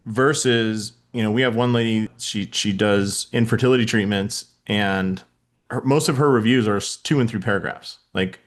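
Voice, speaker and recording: A man's voice: fairly low pitch, moderate pace. A man hosting a podcast interview, talking casually with lots of fillers and throwing out hypotheticals. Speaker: podcast host. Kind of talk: conversational interview.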